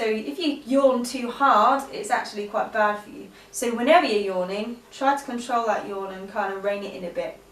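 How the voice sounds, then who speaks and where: Woman coaching singing, slightly high voice, echoey room, bit far from the mic. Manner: relaxed, chatty, many ums. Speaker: singing teacher. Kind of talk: vocal exercise lesson.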